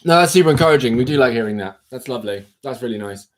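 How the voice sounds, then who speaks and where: A man hosting a casual livestream, chatting playfully and answering viewers' comments aloud, with sudden high exclamations. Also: expressive, racing. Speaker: livestream host.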